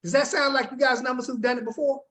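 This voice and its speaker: A man's voice: very high-pitched, fairly even intonation, fast, bright, forceful tone, a little hiss or hum. Upbeat slangy man coaching a group call. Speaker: business coach leading a team call.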